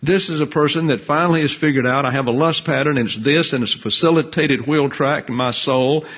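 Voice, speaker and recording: A man preaching a Bible teaching sermon in a measured, emphatic teaching manner. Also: a little high, muffled recording. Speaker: pastor.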